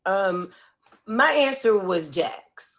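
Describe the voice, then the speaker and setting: A woman's voice: mid-range voice, animated, slow, a bit bright, lo-fi sound. A woman contestant on a live-streamed show, chatting in an easygoing, giggly way. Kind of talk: casual chat.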